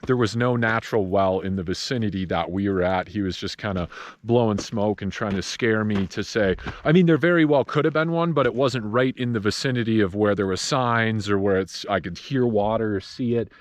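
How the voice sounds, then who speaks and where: A man from Wisconsin vlogging outdoors in the desert, out of breath and telling a story in a rambling, low-key way. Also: fairly quick, dry recording. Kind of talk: casual vlog narration.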